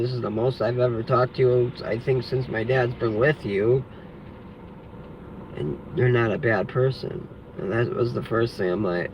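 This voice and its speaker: A man telling a story in an angry, profane vlog rant, rambling and restarting often. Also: medium pitch. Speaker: vlogger. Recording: lo-fi with faint background noise.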